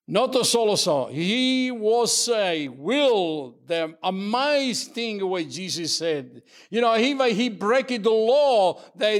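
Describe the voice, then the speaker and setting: Preacher, man, slow and repetitive delivery, fairly high voice. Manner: slow, earnest, repetitive preaching with halting restarts. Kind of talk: sermon.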